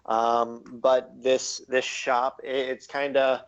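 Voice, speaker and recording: A man narrating a tabletop game as game master, halting and full of ums and likes. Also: medium pitch, flat delivery, clear, resonant tone, lo-fi sound.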